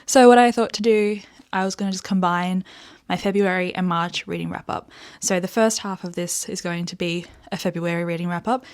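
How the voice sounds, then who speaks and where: A young Australian woman hosting a casual book vlog, animated and sweary as she rants, with frequent laughs. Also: on the low side, fairly quick. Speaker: book reviewer host.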